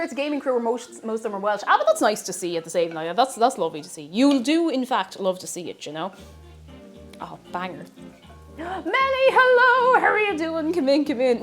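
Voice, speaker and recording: A woman with an Irish accent, chatting casually and laughing with her viewers as she cooks on a live stream. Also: medium pitch. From Ireland. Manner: chatty, laughs often, thanks viewers by name.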